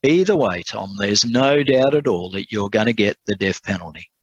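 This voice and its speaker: A man voicing a kind, quiet male lawyer who speaks softly and patiently in a told sermon story. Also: lowish voice, expressive, husky, dry recording, dull audio. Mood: gentle, patient. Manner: soft-spoken, measured.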